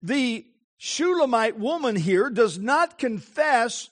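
A male preacher giving an impassioned sermon, with emphatic phrasing and dramatic pauses. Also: extremely high pitch, sing-song.

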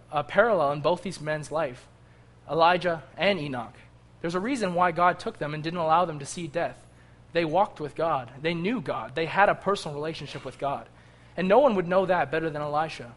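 A man's voice: fairly high pitch, fairly bright tone. A man preaching a sermon with fervor, reading scripture aloud and rising to impassioned cries.

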